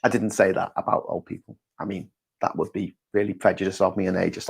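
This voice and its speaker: A man's voice: fairly low pitch, fairly quick, gravelly, a bit bright, breathy edge. Sarcastic man hosting a live chat. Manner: sarcastic, jokey asides, swears casually; rambling, self-correcting. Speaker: host. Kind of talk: informal live-stream chat reading viewer comments.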